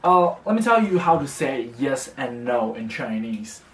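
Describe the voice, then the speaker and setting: A young man talks slowly and patiently through a casual beginner lesson, repeating each phrase. He sits a little back from the mic in a room with a lot of echo. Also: mid-range voice, sing-song, recorded from a distance, a little hiss or hum. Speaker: language tutor.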